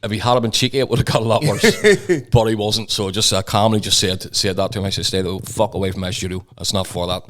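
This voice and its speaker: A man's voice: on the low side, fast talker, few pauses, fairly bright tone. A man, co-hosting a podcast and telling blunt, sweary stories in casual banter. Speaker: podcast co-host.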